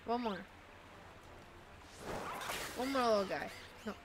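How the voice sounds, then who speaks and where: A talkative woman streaming a video game, thinking out loud in a loose, rambling way. Her voice sits a bit higher than most, and a steady hiss of noise runs under the recording. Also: takes it slowly. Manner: rambling, chatty, thinking aloud. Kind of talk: casual chat while playing a video game.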